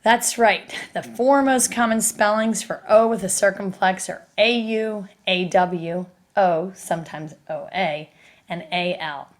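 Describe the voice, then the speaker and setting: A woman's voice: medium pitch, measured pace. A woman teaching a recorded spelling lesson, explaining each step patiently and asking her students questions.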